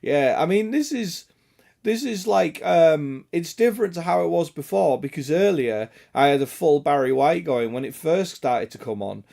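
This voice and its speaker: Hoarse, gravelly man. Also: a little high, lively intonation, normal speed, mellow. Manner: joking, sweary banter greeting chat viewers. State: hoarse, raspy throat from illness. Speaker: game streamer. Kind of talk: casual live-stream chat.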